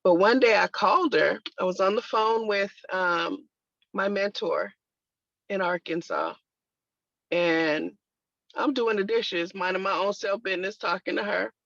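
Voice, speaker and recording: A woman's voice: medium pitch, expressive, unhurried, gravelly, a bit bright, no room sound. A woman sharing a personal testimony in conversation, telling it emphatically with religious exclamations. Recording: dull lo-fi, dry sound.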